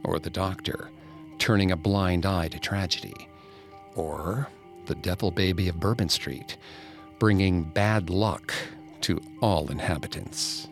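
A man narrating a ghost story in a scripted, dramatic way, dropping to a hush at tense moments. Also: low voice, measured pace, soft background music.

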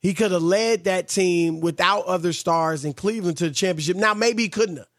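A man's voice: high-pitched, fairly quick, no echo, clean studio sound. A man hosting casual sports talk, emphatic and conversational, sometimes stumbling over restarts.

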